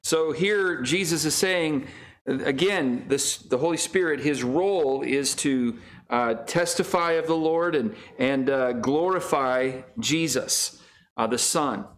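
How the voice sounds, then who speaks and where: Folksy pastor teaching, full of fillers. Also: male voice, slow pace. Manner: casual, many fillers and restarts; reads scripture in raised, higher voice. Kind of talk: Bible study teaching.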